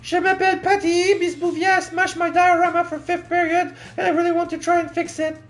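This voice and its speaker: Brief: man in high falsetto doing an eager, sweet schoolgirl, squeaky and sincere. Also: little pitch movement, brisk, fairly bright tone, soft background music. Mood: earnest. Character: sweet wholesome teenage schoolgirl.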